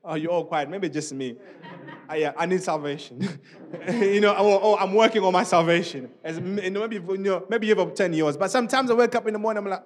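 A man preaching a sermon in a church, speaking in an animated, conversational way with many asides to the congregation. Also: high-pitched, fast. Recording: long reverb of a church hall.

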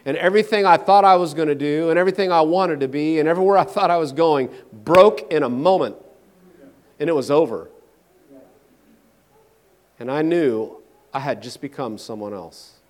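A man preaching a personal testimony sermon, emphatic, swinging between loud declarations and hushed low passages. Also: moderate pace.

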